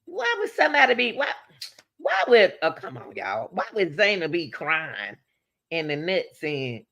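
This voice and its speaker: Animated woman commenting straight to viewers. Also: measured pace, creaky. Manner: animated, talks straight to viewers with rhetorical questions; pitch swings widely between high exclamations and low asides. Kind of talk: casual true-crime commentary.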